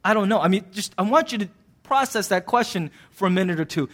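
A male pastor preaching a sermon in a conversational, animated way, with sudden bursts of emphasis. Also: high voice, fast talker.

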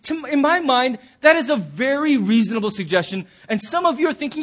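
A man with a strikingly high voice preaches a sermon from the pulpit of his church. He tells the story in a lively way and slips into the voices of the people he quotes. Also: fairly quick. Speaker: pastor. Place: church sanctuary.

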